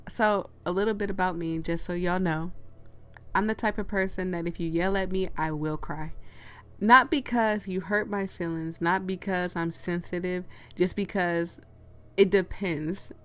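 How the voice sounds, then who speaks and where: A woman's voice: fairly low pitch, fairly even intonation, unhurried, fairly bright tone, clean tone. A woman streaming a story game, chatting casually to her viewers, giggling and rambling and cutting herself off. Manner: giggly, rambling, self-interrupting. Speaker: game streamer reading a visual novel aloud. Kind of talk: casual chatty playthrough commentary.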